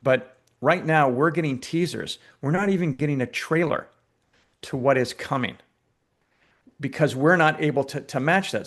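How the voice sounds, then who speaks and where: A filmmaker being interviewed, telling stories in a lively, conversational way with frequent fillers and restarts. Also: male voice, on the high side, normal speed. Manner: animated storyteller, many restarts and fillers. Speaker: filmmaker guest.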